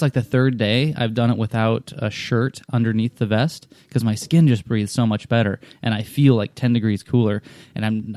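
A man of middling pitch tells a long story in casual conversation. He rambles, swears freely and keeps restarting his sentences. The sound is dry and close, with no room echo. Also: a little mellow. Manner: rambling and profane, with frequent restarts. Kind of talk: casual chat.

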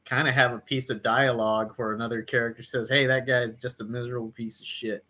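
A man's voice: medium pitch, little pitch movement, fast, bright, forceful tone. Easygoing male podcast co-host. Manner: easygoing, brief replies, laughs along. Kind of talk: casual podcast chat.

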